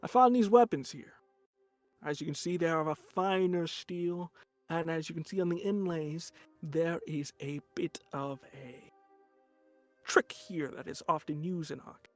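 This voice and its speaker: A man voicing an older male war general who gives slow, halting testimony full of pauses and fillers. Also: on the high side, no echo, faint music behind, lightly acted. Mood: solemn. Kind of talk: tabletop game character voice.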